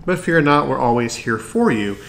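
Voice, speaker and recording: A man's voice: medium pitch, expressive, moderate pace, vocal fry, a bit bright. A man hosting his own podcast, talking earnestly and encouragingly, sometimes tripping over his words. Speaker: podcast host. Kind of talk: solo podcast talk.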